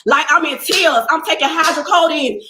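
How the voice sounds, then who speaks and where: A young woman telling viewers a personal story in casual, animated speech, acting out what people said to her. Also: sits high, moderate pace, echoey room, slight background noise, low-quality recording.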